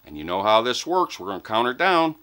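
A man's voice: mid-range voice, very animated, fairly quick, sharp tone. A man hosting a weekly giveaway vlog, talking to viewers in a playful, enthusiastic, joking way. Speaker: host of a fishing channel giveaway. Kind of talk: upbeat casual vlog address to viewers.

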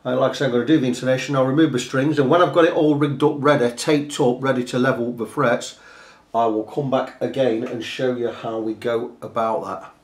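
A man explains a guitar setup in a relaxed, practical way, thinking out loud as he goes and dropping in "um"s and "uh"s. His voice sits at an ordinary middle pitch. The sound carries a noticeable room echo from the workshop around him. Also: fairly quick. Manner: casual, practical, talks through each step with fillers. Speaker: guitar repair technician. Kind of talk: workshop tutorial talk.

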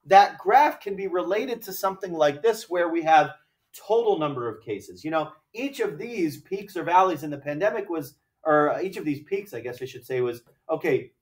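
A male math teacher lectures in a slightly higher voice, checking in with rhetorical questions as he explains. He sounds set back from the mic in an echoey room. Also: distant mic. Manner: explanatory, asks rhetorical questions with frequent "right?". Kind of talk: classroom lecture.

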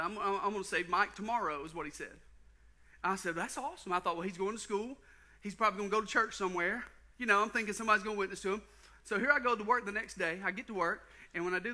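A pastor preaching a sermon, telling a personal story with folksy asides to the congregation. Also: male voice, high voice, pushed and bright. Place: church sanctuary.

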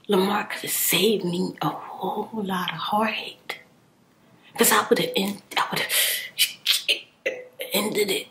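A woman whispering a personal story in soft-spoken ASMR style while chewing gum, candid and heated. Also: on the low side.

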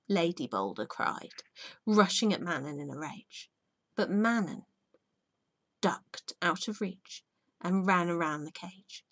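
Teacher reading a children's storybook. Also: female voice, medium pitch, dry recording. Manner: soft storybook reading, often hushed. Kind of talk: reading a children's book aloud.

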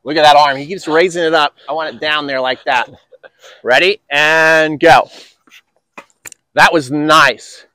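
A man's voice: fairly high pitch, steady tone, a little slow, pauses often, pushed and bright, no echo. A man coaching tennis on an outdoor court, upbeat and encouraging with enthusiastic praise.

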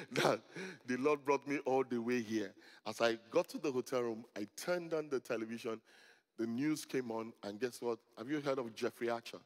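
Middle-aged male pastor, storytelling sermon with humor and loud peaks, reverberant church hall. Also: medium pitch, moderate pace. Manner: storytelling, joking, rising to loud emphatic peaks. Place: church hall before a congregation.

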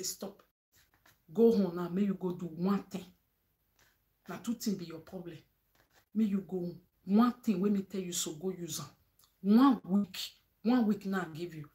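A vlogger with a Nigerian accent and a low, dark-toned voice speaks straight to her viewers in an advice monologue. She is emphatic and preachy, blends Pidgin with English, and keeps asking "eh?" to get agreement.

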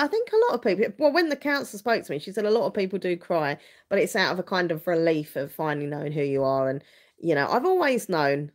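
A woman in her thirties chatting openly on a livestream, rambling with frequent restarts. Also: lowish voice. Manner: rambling, frequent restarts and fillers, open and earnest. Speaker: vlogger hosting a livestream. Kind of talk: casual livestream chat.

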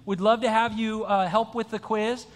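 A pastor with a high voice gives a conversational sermon with an interactive quiz in a church sanctuary, where a long hall reverb trails every phrase. He's chatty and joking, often restarting sentences, with a flat delivery at a moderate pace.

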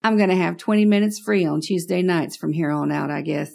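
A woman's voice: fairly low pitch, brisk, vocal fry, dark tone. A woman narrating a first-person horror story in a wry, conversational way.

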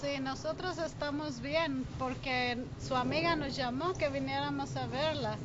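A woman's voice: high-pitched, steady tone, normal speed, close to an everyday voice. An actress playing a counselor who repeats her partner's words as a translator. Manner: echoes her partner's lines in Spanish. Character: woman counselor repeating everything in Spanish. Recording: dull film audio with faint noise.

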